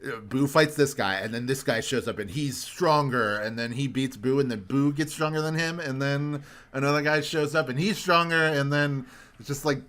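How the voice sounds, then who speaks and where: A man's voice: mid-range voice, moderate pace, fairly bright tone. A young man hosting a podcast in casual chat, ranting animatedly and swearing for emphasis. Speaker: podcast host.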